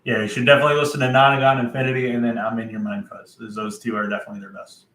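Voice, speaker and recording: A man's voice: medium pitch, level tone, a bit bright, echoey room, poor audio. A man casually rambling in a vlog about his record collection, with lots of fillers and mutters to himself while he searches. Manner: rambling, halting, many fillers and self-talk while searching.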